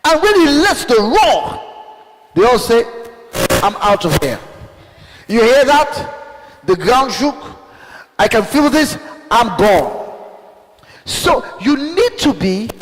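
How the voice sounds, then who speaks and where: High-voiced fiery preacher in a hall. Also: male voice. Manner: call-and-response, shouting bursts, rhetorical questions. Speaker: bishop preaching. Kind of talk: fiery sermon. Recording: long hall reverb.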